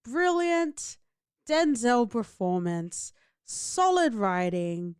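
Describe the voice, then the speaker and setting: A woman's voice: a little high, big pitch swings, very slow, clear, resonant tone, dry recording, clean studio sound. A woman co-hosting a podcast in casual chat, full of playful, teasing banter. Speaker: podcast co-host.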